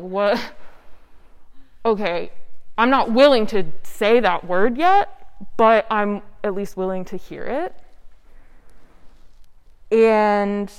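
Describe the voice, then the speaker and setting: Young woman telling her recovery story, rambly, lots of "like", smooth voice, echoey hall. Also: mid-range voice. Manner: candid, rambling, heavy use of "like". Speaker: speaker sharing recovery story. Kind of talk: personal testimony at a recovery meeting. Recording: smooth voice with long hall reverb.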